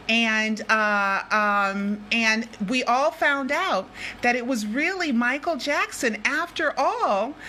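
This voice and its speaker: Speaking in a high-ish, pushed, bright voice over slight hiss or hum, an older vlogger and investigative journalist addresses her viewers. She's chatty and emphatic in this casual vlog talk, looping back and repeating points.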